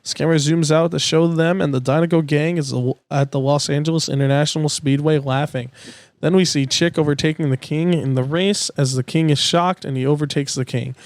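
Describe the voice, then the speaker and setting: A man's voice: fairly high pitch, a little mellow, dry recording. A man reading a transcript aloud in a plain way, stumbling now and then and sometimes swearing. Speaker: youtuber.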